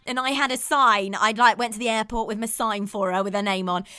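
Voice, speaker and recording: British female co-host, chatty storyteller, high lively voice, dry close sound. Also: fairly quick, clean tone, dry recording. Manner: chatty storyteller, laughs often. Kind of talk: casual chat.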